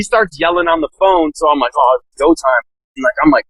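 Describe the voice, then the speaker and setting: A man's voice: on the high side, a little fast, fairly bright tone, husky, no room sound, poor audio. A man telling a story in a casual, laid-back way, full of "like" fillers and laughing now and then. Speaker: podcast guest, SWAT officer.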